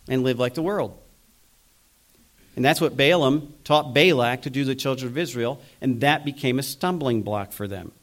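A man's voice: fairly high pitch, a bit bright. Earnest man preaching a sermon. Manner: earnest preaching, slips into mocking quoted voices. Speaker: pastor.

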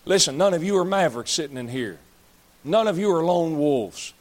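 Preacher guy in his 30s, fiery scolding sermon, kinda high voice, folksy jokes. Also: fairly quick. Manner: blunt, scolding, folksy and joking. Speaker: pastor.

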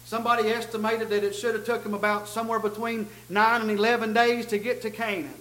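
A man's voice: sits high, little pitch movement, quick pace, pushed and bright, roomy sound, low-quality recording. A middle-aged man preaching a sermon in a church, with folksy emphasis and frequent stammered restarts. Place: church sanctuary.

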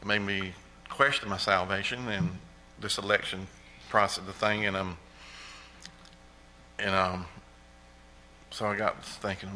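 This middle-aged man's voice sits on the low side, with a steady, sharp tone and a measured pace broken by frequent pauses. Standing in a church sanctuary, he offers an earnest, repetitive testimony full of exclaimed praise. The recording is poor, with a little hiss or hum.

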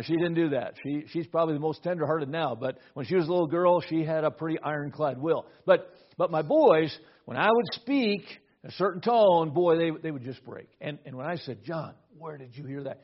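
A man's voice: on the high side, expressive, a little fast. A middle-aged man preaching a sermon, telling a family story with repeated words at the start of phrases. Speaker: pastor. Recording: dull lo-fi recording.

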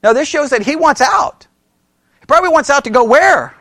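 A man's voice: extremely high pitch, animated, fairly quick, sharp tone, no echo. A man preaching as a pastor, in a conversational way, quizzing his listeners with questions and often restarting his sentences. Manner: frequent self-corrections and restarts. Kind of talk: sermon.

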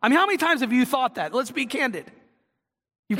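A man's voice: extremely high pitch, very animated, fairly quick, pauses often, pushed and bright, in a large hall. A man preaching a sermon as pastor, earnest and conversational, building to passionate emphasis.

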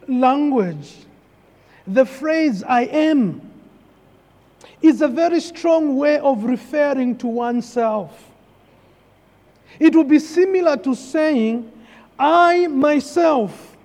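Very high-voiced man preaching, slow. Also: lively intonation, dark tone. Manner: emphatic, repeats key phrases. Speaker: pastor. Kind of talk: sermon. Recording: long hall reverb.

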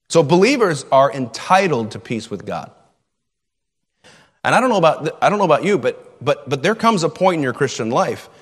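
A middle-aged man preaches in a church sanctuary, his voice swinging widely up and down and sitting a little high for a man. He drives his points home by repeating short phrases, and a long hall reverb trails after him. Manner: animated preaching, repeats key phrases for emphasis. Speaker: pastor. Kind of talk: sermon.

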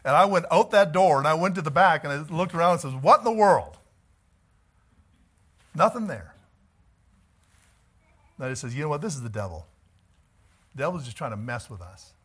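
A male pastor preaching a sermon, telling stories in an animated way and chuckling as he goes. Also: on the high side, brisk, long pauses, slightly rough.

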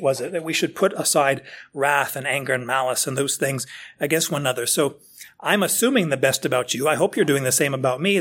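A man's voice: on the high side, fairly bright tone. A man preaching a conversational verse-by-verse sermon, full of rhetorical questions and acted-out asides. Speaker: pastor. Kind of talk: expository sermon.

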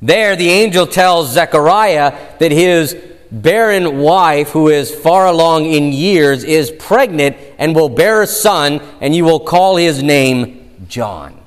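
A man preaching a sermon as a pastor, emphatic and given to drawn-out storytelling. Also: a little high, clear, resonant tone, in a large hall.

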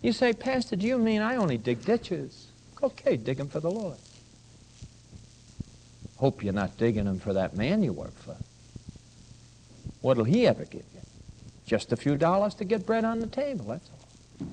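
An older pastor preaches with a high voice that leaps up and down in pitch. He slips from soft, hushed lines into loud, driving ones and keeps asking his listeners questions. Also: big pitch swings, normal speed, pauses often, slight background noise, poor audio. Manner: asks the congregation questions. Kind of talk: sermon.

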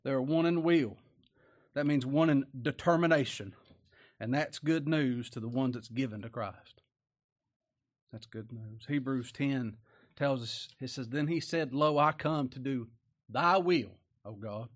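A man's voice: mid-range voice, a little slow. A male preacher giving a sermon in a folksy, plain-spoken way, driving his points home with repeated rhetorical questions.

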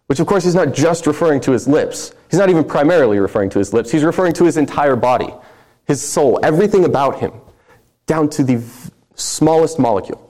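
Man, preacher, sermon, earnest and emphatic, mellow warm voice. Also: on the high side. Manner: earnest, emphatic scripture reading.

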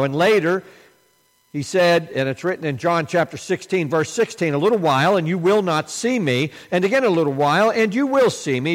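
A man preaching a sermon, rising with emphasis on key lines and dropping low and hushed when he prays. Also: long reverb tail. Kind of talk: sermon with prayer.

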